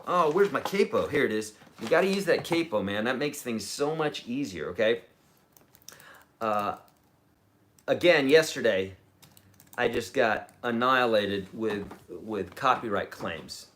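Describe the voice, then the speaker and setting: A man's voice: medium pitch, lively intonation, unhurried, a bit bright. A man teaching a live-streamed guitar lesson, chatty and explaining, humming riffs as he goes.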